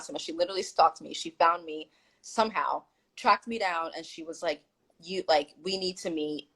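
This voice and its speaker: A woman with a lowish voice, heard on a low-quality recording, shares a story as a guest on a casual video call. She tells it with animation, voicing the quoted dialogue of the people in it.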